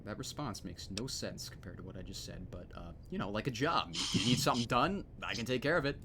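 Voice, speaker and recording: A man's voice: on the low side, lively intonation, fairly quick, fairly bright tone, slight background noise. A man streaming his own game mod, chatting casually and mocking himself as he plays. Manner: rambling, self-mocking, laughs at himself. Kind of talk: casual commentary over gameplay.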